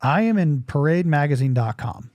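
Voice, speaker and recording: A man's voice: a little high, expressive, brisk, darkish tone, no room sound, highs cut off. A man hosting a podcast in casual chat, joking and rambling, while losing his voice. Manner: joking, self-deprecating, rambling asides. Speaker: podcast host.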